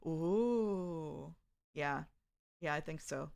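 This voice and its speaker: Speaking at a normal pace, this woman has a lowish voice with a fairly bright tone. She's a streamer in a casual live-stream chat, reading viewer messages out loud, laughing a lot and staying chatty.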